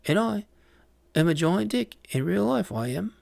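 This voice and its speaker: Guy doing a cocky kiwi movie star voice, loud and high, rattling on, gravelly edge. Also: animated, no echo, full character voice. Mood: boastful. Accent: New Zealand. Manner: loud, rapid, high-pitched rambling. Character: boastful chatty male movie star, arrogant.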